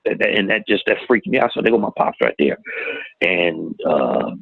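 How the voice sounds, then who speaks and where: A middle-aged man telling a painful personal story in a plain-spoken, halting way, recorded with tinny phone-like sound. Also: low-pitched, very animated, vocal fry, husky. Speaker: guest telling his story. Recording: tinny phone-like audio, dry.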